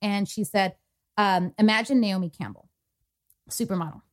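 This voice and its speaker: In a medium-pitched voice at a moderate pace, a young woman co-hosts a podcast. She chats casually through a personal story, full of fillers and quotes from others.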